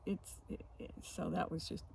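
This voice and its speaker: A woman co-hosting a casual chat, telling odd stories with frequent laughs and halting restarts. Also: darkish tone, slight background noise, low-quality recording. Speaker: co-host.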